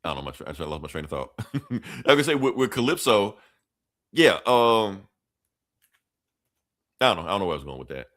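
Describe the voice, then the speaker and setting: A man co-hosting a podcast in casual chat, talking in an animated, profane way and laughing often. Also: on the low side, a little fast, pauses often. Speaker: podcast co-host.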